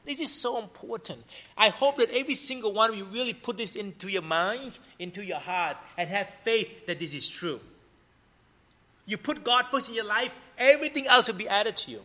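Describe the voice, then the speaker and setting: A preacher with a high-pitched, animated voice and a sharp tone delivers a conversational sermon at a moderate pace. He keeps checking in with his listeners, asking "right?" and "okay?", and uses everyday stories to make his points.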